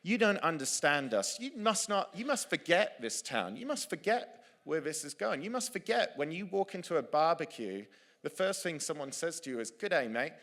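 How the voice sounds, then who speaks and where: A man's voice: a little high, sing-song, normal speed, fairly bright tone, pitched above the performer's own voice. A man voicing an indignant townsman from a coal town, pleading and emphatic.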